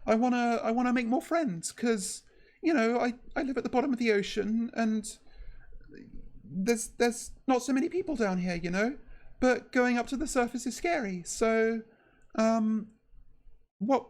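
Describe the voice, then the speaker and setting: A woman streaming casually as a VTuber, her voice slightly shaky, talking in a halting, nervous way full of fillers and restarts. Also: on the high side, a little mellow.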